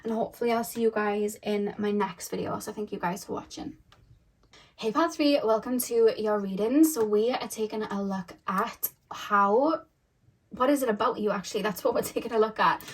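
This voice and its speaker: A woman giving a pick-a-card tarot reading to her viewers, talking in a gentle, unhurried and intimate way. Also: mid-range voice, slightly rough, poor audio.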